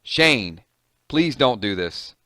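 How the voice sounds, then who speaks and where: A man doing a shaken sheriff, pleading calmly. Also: medium pitch, slow, no room sound, studio quality, full character voice. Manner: soothing, pleading. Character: calm, shaken male sheriff trying to talk someone down.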